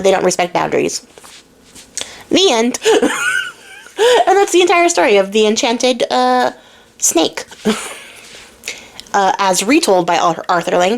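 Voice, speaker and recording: A young woman hosting and telling a fairy tale in a chatty, giggly way with many fillers. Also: medium pitch. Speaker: host, storyteller. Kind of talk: casual storytelling.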